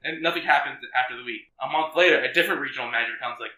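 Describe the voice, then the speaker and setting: A man in his twenties hosting a casual podcast chat, animated and swearing, acting out the people he quotes. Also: medium pitch, very fast, few pauses, reverberant, rough recording. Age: 20s. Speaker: podcast host.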